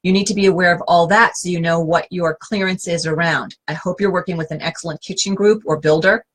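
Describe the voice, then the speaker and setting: A woman's voice: on the low side, fairly even intonation, a little fast. A woman interior designer answering viewer questions in a casual, direct way, full of rhetorical questions. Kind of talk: casual advice Q&A.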